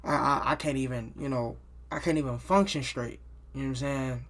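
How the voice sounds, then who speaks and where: This man's mid-range voice is fairly bright and steady in tone, and he talks briskly. His loose, casual monologue about something personal is full of swearing, restarted sentences and frequent "you know what I'm saying."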